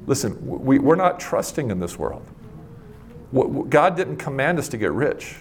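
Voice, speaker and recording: A middle-aged man preaching a sermon, emphatic, slowing down and speeding up for effect. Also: mid-range voice, sing-song. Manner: emphatic, varies pace and loudness for effect.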